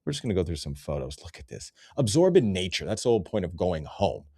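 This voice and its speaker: A man's voice: deep voice, very animated, quick pace, dark tone, no room sound, studio quality. A man hosting a rambling, profane comedy commentary over nature photos, easily sidetracked and loose in his talk. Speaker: host.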